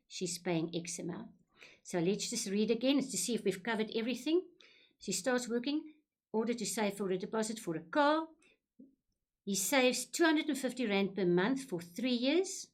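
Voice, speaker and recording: A middle-aged woman teaching a maths lesson. She talks patiently at a middle pitch and goes back over each step slowly so nobody gets lost. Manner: patient, repeats key points slowly. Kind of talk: recorded classroom lesson.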